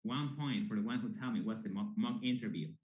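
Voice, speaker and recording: A man teaching an English class, slowly coaching his students on intonation. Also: lowish voice, darkish tone, roomy sound, rough recording. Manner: slow, emphatic coaching, models intonation. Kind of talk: classroom lesson.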